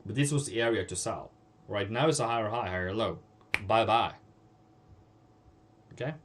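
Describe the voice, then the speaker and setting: A forex trading livestream host whose first language is Norwegian scolds bluntly and repeats phrases for emphasis. His voice is lowish and a bit bright, at normal speed.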